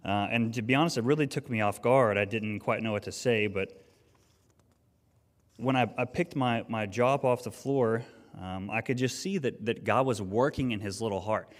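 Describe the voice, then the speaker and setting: A man's voice: fairly low pitch, moderate pace. A man preaching a sermon, telling a personal story in an earnest, conversational way with frequent restarts. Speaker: pastor. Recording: long reverb of a hall.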